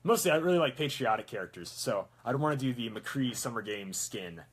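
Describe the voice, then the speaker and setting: Rambling man with a lively voice. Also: medium pitch, fairly quick, noisy background. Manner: rambling, self-mocking jokes. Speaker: prop maker. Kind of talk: casual workshop chat.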